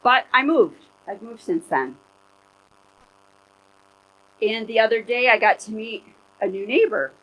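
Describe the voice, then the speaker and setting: A woman's voice: fairly high pitch, animated, a little slow, pauses often, muffled recording. A woman pastor in her forties giving a candid, conversational sermon, full of "like" and "you know". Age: 40s.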